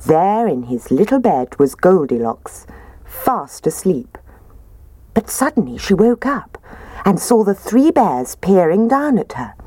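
Woman, low voice, lively storybook reading, dry close sound. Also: dry recording. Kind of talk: reading a children's story aloud.

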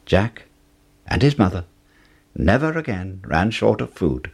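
A man narrating a children's fairy tale, measured and expressive, building suspense. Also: on the low side, vocal fry, husky. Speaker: storyteller.

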